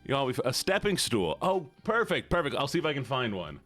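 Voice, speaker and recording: A man's voice: very animated, fast talker, a bit bright, soft background music. A man live-streaming in a playful, teasing way, chatting with his viewers. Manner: playful, teasing, squeals high when mock-upset. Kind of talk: casual live-stream chat.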